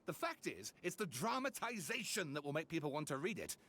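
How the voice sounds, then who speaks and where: A man voicing an eager, excitable young male writer in a video game. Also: a little high, brisk, full character voice. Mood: persuasive.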